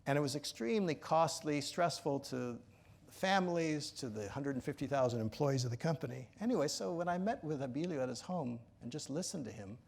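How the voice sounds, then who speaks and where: A man in his sixties delivers a storytelling lecture with a gravelly edge to his voice. He speaks earnestly and reflectively, often restarting sentences as he searches for the right words. His voice sits slightly higher than most men's. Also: lively intonation, brisk, a little mellow. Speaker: author giving a talk.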